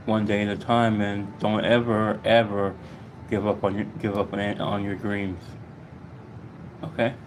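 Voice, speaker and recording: A man vlogging to his subscribers in a rambling, halting way, out of breath and repeating himself. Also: on the low side, flat delivery, background noise. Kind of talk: casual heartfelt monologue to viewers.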